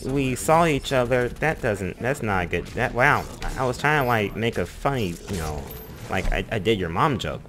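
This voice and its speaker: Excitable young man joking over gameplay. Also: medium pitch, a little hiss or hum. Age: young adult. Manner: excitable, jokey, rambling with sudden outbursts. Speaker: gaming YouTuber. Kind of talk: casual gameplay commentary. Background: game music and sound effects.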